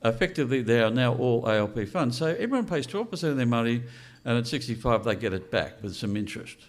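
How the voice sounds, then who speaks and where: He talks fast, his medium-pitched voice carrying lively intonation. The older man is speaking off the cuff at a political launch, blunt in tone and asking the crowd rhetorical questions.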